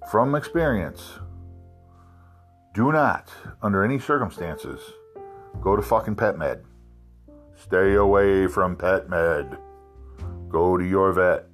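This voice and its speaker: A man from South Carolina casually telling a profane, animated anecdote. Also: low voice. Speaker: storyteller. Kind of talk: casual storytelling.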